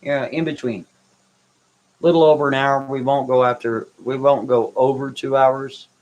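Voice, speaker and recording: A man's voice: mid-range voice, steady tone, moderate pace, a little mellow, highs cut off. A man hosting a live stream, answering viewers' comments in a blunt, brash, dismissive way. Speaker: livestream host reading chat. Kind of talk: casual live chat.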